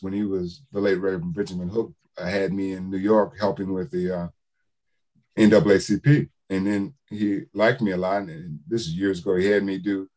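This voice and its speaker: Older male author, low-pitched, builds to forceful preacher-like declamation. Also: rough recording. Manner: emphatic preacher-like cadence, rising to declamation. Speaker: author speaking to a book club. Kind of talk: public speaking, storytelling.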